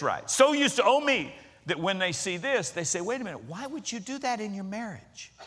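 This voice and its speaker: A woman pastor's sermon becomes a story in church, as she laughs and voices the people in it for her congregation. Her pitch is medium and a bit bright.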